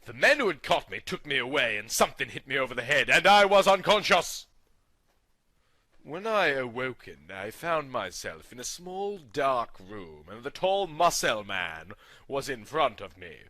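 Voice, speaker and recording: A man giving a mock-dramatic comic reading of fan fiction, over the top with sudden loud outbursts. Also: medium pitch, big pitch swings, a little slow, no echo. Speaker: comedy reader.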